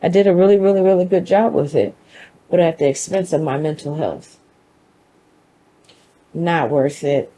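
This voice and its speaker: A woman's voice: sits low, normal speed, long pauses, mellow, slight background noise, low-quality recording. A woman hosting her own show, giving an emphatic, conversational motivational monologue with a preachy, faith-driven edge. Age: adult mother. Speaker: show host.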